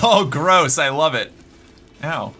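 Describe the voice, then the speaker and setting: A young man with a faint Boston accent rants through a game in exasperated, profane commentary. His voice sits a little high and sounds bright and tense. Soft music plays behind him. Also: animated, takes it slowly. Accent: slight Boston. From Massachusetts. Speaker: game streamer. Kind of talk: let's-play commentary.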